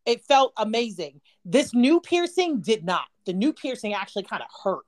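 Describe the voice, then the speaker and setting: A woman's voice: a little high, normal speed. A woman in her thirties co-hosting a podcast, telling a story in casual chat, swearing freely and laughing often. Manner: profane, laughing, animated storytelling. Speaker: podcast co-host.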